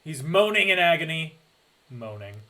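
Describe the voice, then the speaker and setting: A man co-hosting a podcast in casual chat, joking and animated as he recaps a film. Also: on the high side, normal speed, a crowd in the background, rough recording. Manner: animated, joking, drops into mock voices. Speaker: podcast co-host.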